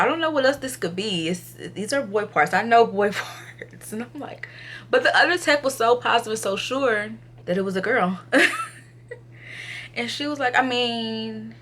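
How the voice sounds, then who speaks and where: In her vlog, a young woman goes over an ultrasound visit casually, imitating the people involved as she tells it. Her animated retelling leans on fillers, and now and then she sounds quiet and low on energy.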